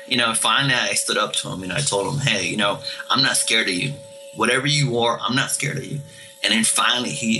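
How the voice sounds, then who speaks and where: A man tells his story with a very bright, sharp-edged voice that stays at an ordinary middle pitch. He talks casually and haltingly, stumbling over repeated words and starting lines again, while faint music plays underneath. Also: low-quality recording. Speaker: caller telling ghost stories.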